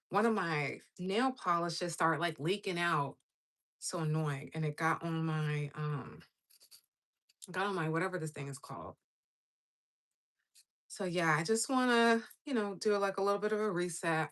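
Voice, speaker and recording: Bright-voiced woman chatting on a livestream. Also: on the low side. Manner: rambling, with many fillers; chats with viewers while doing her nails. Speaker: livestream host. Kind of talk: casual livestream chat.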